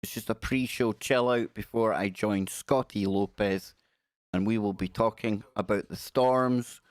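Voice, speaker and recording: A man hosting a casual live stream, rambling through friendly shout-outs to his chat viewers. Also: on the low side, fairly even intonation, a little slow, dry recording.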